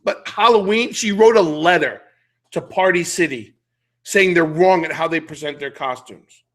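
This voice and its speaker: A man's voice: a little high, normal speed, fairly bright tone. Blunt, ranting middle-aged man. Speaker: podcast host. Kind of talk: casual chat.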